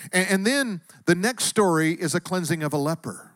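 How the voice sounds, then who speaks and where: A man's voice: high-pitched, lively intonation, moderate pace, few pauses, fairly bright tone, no room sound, studio quality. A man preaching a sermon, reflective and asking searching questions of his listeners. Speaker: pastor.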